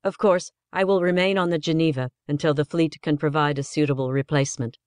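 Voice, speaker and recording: A man voicing a calm, resolute woman starship captain. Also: on the high side, clean tone, dry recording, clean studio sound, natural voice. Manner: gentle, measured.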